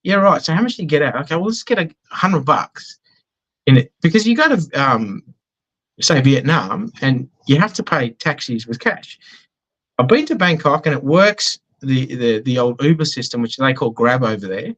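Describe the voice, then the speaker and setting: Australian businessman guest, mid-pitched, chatty and self-deprecating, slightly muffled recording. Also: lively intonation, normal speed, a bit bright. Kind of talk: casual conversational interview.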